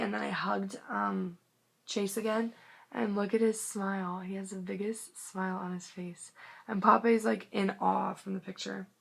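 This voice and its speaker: A young woman with vocal fry and a medium-pitched voice vlogs into her phone. Her excited, casual storytelling to camera is gushing and rambling, thick with "like", and at times she drops to a whisper.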